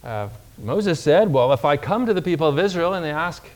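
A man preaching a sermon, reading scripture aloud with emphasis, slowing down on key words and asking the congregation questions. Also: a little high, expressive.

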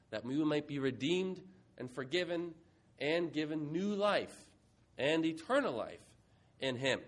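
Male preacher with a somewhat high voice, lively delivery, auctioneer bits. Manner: lively, playful, shifts from quiet reflection to brisk auctioneering. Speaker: pastor. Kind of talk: sermon with a mock auction.

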